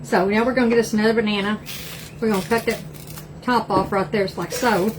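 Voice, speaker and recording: This older woman hosting a cooking livestream has an East Texas Southern accent and a chatty, folksy manner full of y'alls. She speaks a little fast at medium pitch in a steady tone, over background noise, while cooking at home.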